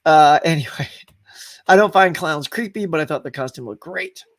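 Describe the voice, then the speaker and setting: A man's voice: a little high, normal speed. A man hosting a live stream, chatting casually, laughing often and greeting viewers by name as he reads their comments. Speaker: host of a live stream show.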